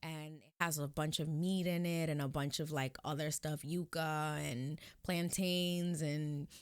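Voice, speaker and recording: A woman's voice: low-pitched, steady tone, unhurried, clear, resonant tone, dry recording, clean studio sound. A young woman with a Caribbean Spanish accent talking casually to her viewers, rambling and going off on tangents. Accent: Hispanic Caribbean. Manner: chatty, rambling, addresses viewers directly. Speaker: vlogger. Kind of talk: casual personal vlog talk.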